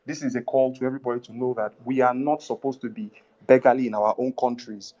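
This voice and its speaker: A man's voice: medium pitch, steady tone, fast, mellow. Earnest Nigerian man on a muffled line. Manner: earnest, exhorting, mixing Pidgin phrases. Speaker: caller. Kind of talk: earnest speech on a live audio chat.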